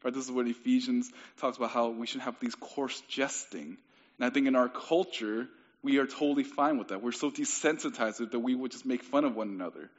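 A young man delivers a sermon in an easygoing, conversational manner, often restarting his phrases. His voice sits in a middle pitch. The recording sounds a bit dull and lo-fi. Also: fairly quick. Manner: casual, conversational preaching with frequent restarts. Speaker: pastor.

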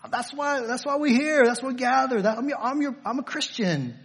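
Pastor doing a squeaky eager church guy, breezy and offhand, husky edge. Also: lively intonation, fairly quick, full character voice. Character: eager male churchgoer, breezy and over-sure.

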